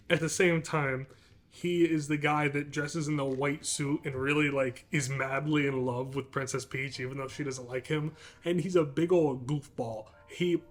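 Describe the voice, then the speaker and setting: Rambling, enthusiastic male podcast co-host. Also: mid-range voice. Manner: rambling and enthusiastic, with lots of fillers. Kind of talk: casual chat.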